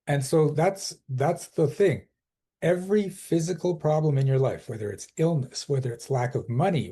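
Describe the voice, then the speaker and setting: A man's voice: medium pitch, mellow, slightly rough. A man, a transformational coach guesting on a podcast, explaining his ideas emphatically and acting out people's inner dialogue. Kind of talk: conversational podcast interview.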